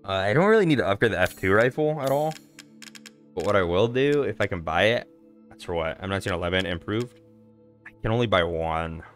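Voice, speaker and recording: A man's voice: low voice, expressive, brisk, a bit bright, soft background music. A man commentating on his video game playthrough in a casual, profane way, talking to himself as he plays. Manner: casual, profane, talks to himself while playing. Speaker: gaming channel host. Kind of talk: let's play commentary.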